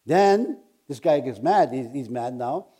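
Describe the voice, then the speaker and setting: A man preaching a sermon. He reads scripture aloud and breaks off into casual, animated asides, with loud emphatic bursts. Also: mid-range voice, a little slow, breathy edge.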